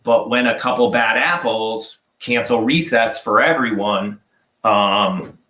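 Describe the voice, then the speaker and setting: A man's voice: lowish voice, fairly even intonation, slow pace, pushed and bright, roomy sound. A man co-hosting a farm livestream, speaking bluntly to viewers. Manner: frustrated, blunt. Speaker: farm channel co-host.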